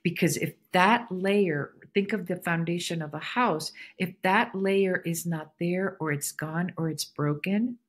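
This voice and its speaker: Woman podcast host, husky lower voice, reflective spiritual solo musing. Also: measured pace, few pauses. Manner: reflective, spiritual musing that circles back and repeats phrases. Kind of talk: casual solo podcast monologue.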